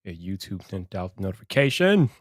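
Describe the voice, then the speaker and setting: A man's voice: low voice, very animated, a little fast, no room sound, clean studio sound. A man hosting a casual livestream, greeting chat viewers by name and sounding exasperated. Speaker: livestream commentary host.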